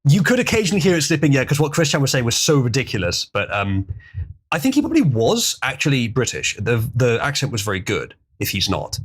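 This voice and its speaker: Husky and quick, this man's mid-pitched voice swings wildly up and down. He hosts a laid-back livestream, chatting loosely and laughing while reading viewer donations aloud.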